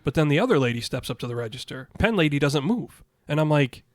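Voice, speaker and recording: A man's voice: a little high, quick pace, no room sound, studio quality. A man co-hosting a podcast, telling an anecdote in a casual, profane way and acting out what people said. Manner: profane, animated storyteller acting out quotes. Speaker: podcast co-host. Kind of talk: casual chat, storytelling.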